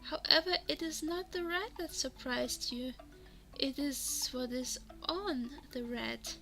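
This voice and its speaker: A woman's voice: high-pitched, slow pace, bright, forceful tone. A woman reading a text adventure game aloud in second person, sometimes dropping to a whisper. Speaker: game narrator. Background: background music.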